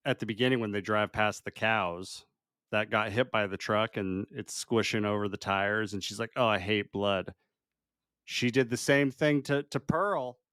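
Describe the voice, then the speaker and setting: A man's voice: on the low side, fairly bright tone, no room sound, clean studio sound. Laughing young man reviewing a movie. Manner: chatty, laughing often, uses filler "like" a lot. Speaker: podcast co-host. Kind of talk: casual movie review chat.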